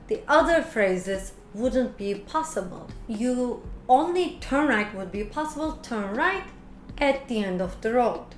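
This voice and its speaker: A woman English teacher explaining quiz answers in slow, careful steps. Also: on the high side. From Turkey. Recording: echoey room with faint noise.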